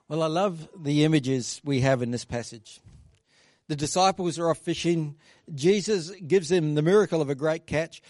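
A man's voice: on the high side, normal speed, a little mellow, no echo. Man preaching in a conversational, dry voice. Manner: conversational, acts out quoted voices. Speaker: pastor. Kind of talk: sermon with scripture reading and prayer.

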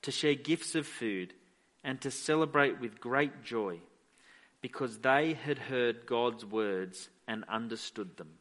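A man's voice: medium pitch, slow, a bit bright. A man preaching a sermon as pastor, emphatic and repeating phrases for weight.

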